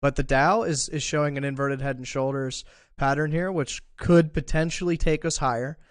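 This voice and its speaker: A man's voice: mid-range voice, fairly even intonation, moderate pace, no echo. A man streaming live market analysis, thinking aloud in a casual way with fillers and restarts, and a bout of hiccups. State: has the hiccups. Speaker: crypto trading streamer.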